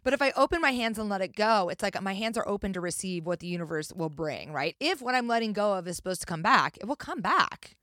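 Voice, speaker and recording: Animated woman telling stories. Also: medium pitch, fast talker, few pauses, no echo, clean studio sound. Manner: animated storyteller, acts out quotes. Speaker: podcast guest, author. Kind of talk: casual chat.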